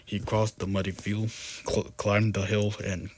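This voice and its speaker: A man's voice: fairly low pitch, little pitch movement, unhurried. A man reading a horror story aloud with casual asides, often restarting and correcting himself. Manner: frequent restarts and self-corrections. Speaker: scary story narrator.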